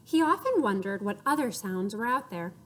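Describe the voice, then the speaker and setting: A woman reading a picture book aloud to children, expressive and playful, acting out sound effects and inviting her young listeners to join in. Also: mid-range voice, moderate pace. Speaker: storyteller for children.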